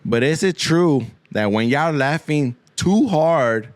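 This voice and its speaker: A man's voice: fairly high pitch, lively intonation, slow pace, no room sound. A man hosting a podcast, rambling through a crude comic monologue full of swearing and Spanish slang, often repeating himself. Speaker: podcast host.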